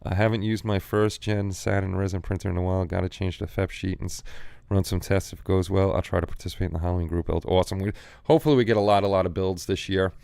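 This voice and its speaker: Deep-voiced man hosting a hobby livestream. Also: steady tone, fast talker, gravelly, darkish tone, clear, resonant tone, dry recording. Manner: rambling, repeats words, reads chat aloud. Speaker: livestream host. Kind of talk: casual livestream chat.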